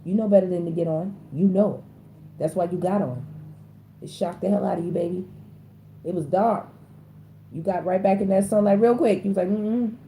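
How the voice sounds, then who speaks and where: A woman, doing a casual tarot reading in a blunt, slangy and animated way. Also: moderate pace, long pauses, a little hiss or hum. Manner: animated, slangy, blunt, with sudden high-pitched exclamations. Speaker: tarot reader.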